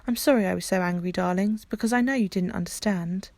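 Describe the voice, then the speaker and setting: A woman's voice: medium pitch, quick pace, vocal fry, no echo, close to an everyday voice. A woman reading a storybook voicing a loving mother who speaks firmly and earnestly to her children. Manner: firm and earnest, then softening.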